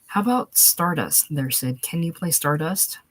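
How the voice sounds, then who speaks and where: A woman's voice: deep voice, lively intonation, measured pace, dry recording. A woman voicing a bored, offhand wealthy middle-aged club owner in a storybook reading.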